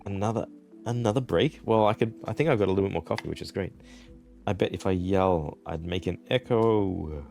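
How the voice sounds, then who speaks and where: A man's voice: low-pitched, a little fast, vocal fry, a little mellow, soft background music. A young Australian man streaming a video game, chatting in a rambling, laughing way with plenty of swearing. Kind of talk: casual gaming commentary.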